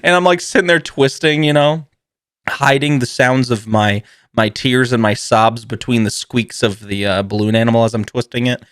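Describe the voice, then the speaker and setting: Man, mid-pitched voice, rambling comic podcast host, swears a lot, laughs often, dry close recording. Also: normal speed, fairly bright tone, clear, resonant tone, no room sound. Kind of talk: casual comedic storytelling.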